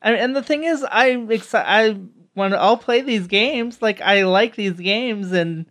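A man's voice: high-pitched, measured pace, fairly bright tone. A man co-hosting a casual podcast chat, dropping wry, sarcastic asides. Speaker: podcast co-host.

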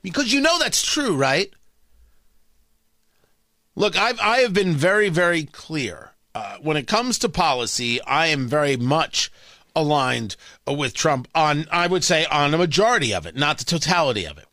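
A brash man holds forth on his talk radio show, his high voice swinging widely as he fires off sarcastic rhetorical questions. His tone is bright and sharp, close and dry on a studio microphone, with no room around it. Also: very animated, moderate pace, no room sound. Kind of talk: opinionated talk radio monologue.

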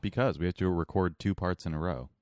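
A man's voice: low voice, quick pace, no room sound, studio quality. A man co-hosting a podcast in casual, teasing chat, with a sore throat. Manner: argumentative, teasing, does vocal warm-ups. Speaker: podcast co-host.

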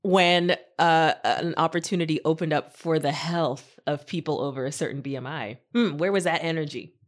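A woman's voice: low-pitched, moderate pace. A woman co-hosting a casual TV recap podcast, wry and playful, laughing often. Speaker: podcast co-host.

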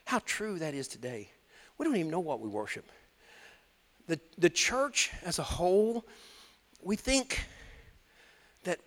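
Man, preacher, high voice, sermon, long hall reverb. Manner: animated preaching, swings from loud to hushed.

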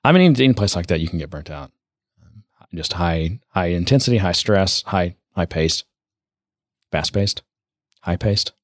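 A man co-hosting a casual tech podcast, talking in a rambling way and trailing off quietly at the ends of thoughts. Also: low voice, animated, normal speed, pauses often, dry recording, clean studio sound. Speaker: podcast co-host.

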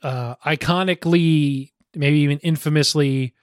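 A man's voice: on the high side, fairly even intonation, normal speed, clear, resonant tone, no room sound, studio quality. A man in a casual film discussion, enthusiastic and laughing often.

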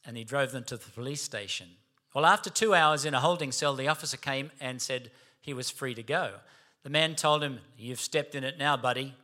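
A man's voice: medium pitch, fairly quick, bright, forceful tone. A man preaching a sermon, storytelling and emphatic. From Australia.

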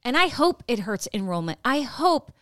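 A woman's voice: on the high side, sing-song, moderate pace, a bit bright, no room sound, clean studio sound. A woman co-hosting a podcast in casual chat, talking in a chatty, earnest way. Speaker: podcast co-host.

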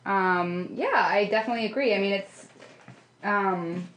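A young woman chatting as a guest on a podcast. She talks quickly and loosely, leaning on filler words, at an ordinary middle pitch. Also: fairly bright tone, echoey room, a little hiss or hum. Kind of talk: casual chat.

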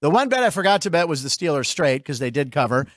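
High-voiced joking male show host. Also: sing-song, a bit bright, no echo, studio quality. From Pittsburgh. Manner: joking, rambling, quick asides to the chat. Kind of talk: casual comedic radio chat.

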